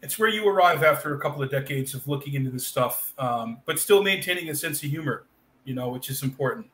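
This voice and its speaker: A man's voice: medium pitch, expressive, quick pace, fairly bright tone, a little hiss or hum. A man from Boston co-hosting a casual podcast, talking in long, rambling stretches full of fillers and restarts. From Boston, USA. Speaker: podcast co-host.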